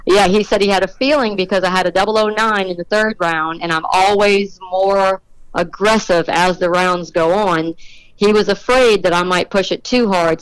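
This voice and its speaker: A middle-aged woman being interviewed on a podcast, telling an animated story about her racing and acting out the voices of the people in it. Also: lowish voice, clean tone, no room sound, poor audio. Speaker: drag racing motorcycle rider, guest.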